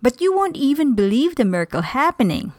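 A woman reading the part of a gentle male god figure, speaking softly and calmly. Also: high voice, brisk, no echo. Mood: patient. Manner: soft, calm, gently teasing.

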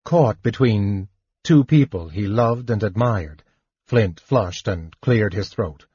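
Measured male narrator, husky, dull dry recording. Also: on the low side, expressive, dark tone, dry recording. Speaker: audiobook narrator. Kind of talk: scripted narration.

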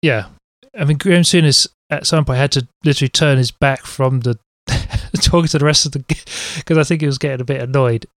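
A man's voice: medium pitch, brisk, hardly any pauses, no room sound. A man co-hosting a casual chat podcast about football, joking around and sometimes putting on mock accents. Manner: jokey, puts on mock accents. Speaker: podcast co-host.

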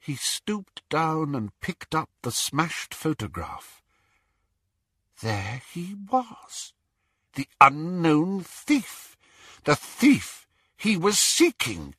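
Man, audiobook narration, slow, very expressive, dry close sound. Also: fairly high pitch, husky, no echo. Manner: slow, dramatic delivery.

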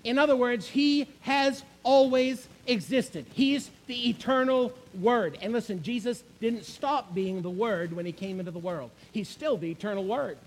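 A man delivers a sermon in a very high-pitched voice. He is emphatic, repeating key phrases and asking his listeners questions. His delivery is that of a preacher teaching from the pulpit. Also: moderate pace, few pauses, poor audio.

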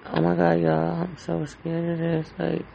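Slow, heavily gravelly man rambling anxiously. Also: fairly high pitch, completely flat delivery, warm tone, muffled recording, slight background noise. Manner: rambling, anxious and heartfelt, with frequent fillers and swearing. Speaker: podcast host. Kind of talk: casual solo podcast monologue.

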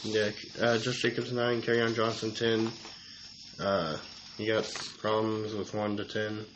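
A man co-hosting a casual sports rankings chat, reading long lists of names in a halting, methodical way. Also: lowish voice, level tone. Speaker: co-host. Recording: slightly dull audio, faint noise.

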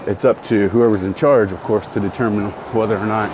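Fairly quick and steady in tone, a middle-aged man with a voice on the low side rambles through a walking podcast, correcting himself and greeting passersby. The recording is muffled, with outdoor traffic and street sounds behind him.

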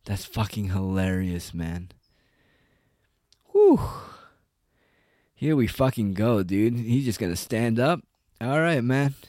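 A man's voice: lowish voice, expressive, slow, long pauses, a little mellow, dry recording, clean studio sound. A man giving a casual, rambling, profane rant as an online commentator. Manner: profane, rambling, heavy on "like" and "dude".

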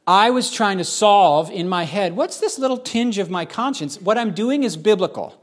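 A man's voice: high-pitched, expressive, moderate pace. A middle-aged man, a pastor, giving a candid, conversational sermon testimony, often restarting his sentences. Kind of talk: sermon-style personal testimony.

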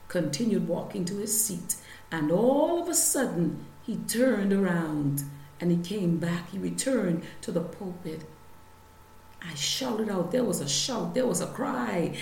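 A woman preaching a sermon, telling her healing testimony and reading scripture with slow emphasis. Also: medium pitch, vocal fry, a little mellow, reverberant, slight background noise, poor audio.

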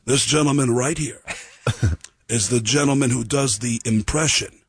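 Man doing an impression of a rock star, deep, slow, self-important, husky. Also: fairly bright tone, dry recording, full character voice. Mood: smug, friendly.

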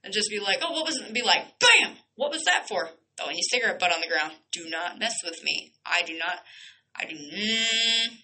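Fiery, bright-voiced woman radio host. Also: medium pitch, expressive, normal speed, poor audio. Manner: fiery, blunt, swears, rhetorical questions. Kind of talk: heated solo radio rant.

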